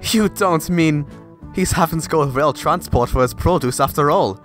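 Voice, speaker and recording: A man's voice: on the high side, moderate pace, soft background music, voice pushed up, natural voice. A man voicing a grumpy, boastful male mountain engine who huffs and scoffs, in a storybook tale. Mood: gleeful. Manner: huffy, scoffing. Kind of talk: storybook character voice.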